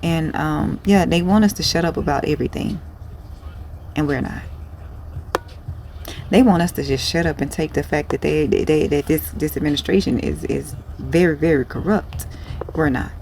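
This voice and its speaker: A woman's voice: low voice, moderate pace, vocal fry, darkish tone, a little hiss or hum. A woman who sells clothes online, talking in a casual vlog in a rambling, blunt, profane way. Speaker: small online clothing seller.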